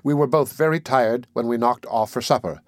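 A man reading an audiobook in measured, steady first-person narration. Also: mid-range voice, dry recording, studio quality. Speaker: audiobook reader.

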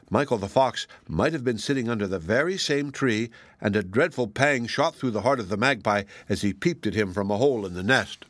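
A man narrating a fairy tale in a measured, plain storytelling voice. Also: lowish voice, dry recording.

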